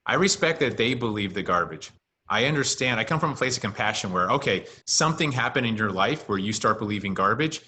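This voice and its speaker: A man's voice: on the low side, lively intonation, a little fast, bright, forceful tone, slight background noise. A man on a video call chat, speaking in a firm, matter-of-fact way. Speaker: podcast co-host. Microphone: video call mic.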